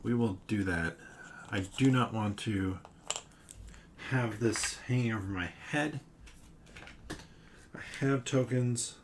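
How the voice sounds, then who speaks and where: A man's voice: lowish voice, slow pace, long pauses, slight background noise. Man musing through a solo board game. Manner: muses aloud, self-mocking asides. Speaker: board game player and host. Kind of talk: solo board game playthrough with read-aloud story.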